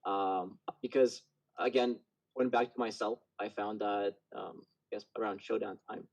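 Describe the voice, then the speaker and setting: A man who is a martial arts instructor, a guest in a casual chat, speaking haltingly with many fillers. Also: lowish voice, fairly even intonation, darkish tone, lo-fi sound.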